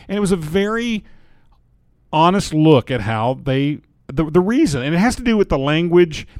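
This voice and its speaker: A man's voice: a little high, no echo. A man co-hosting a podcast, chatting casually and reading news aloud while joking and restarting his sentences. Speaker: podcast co-host.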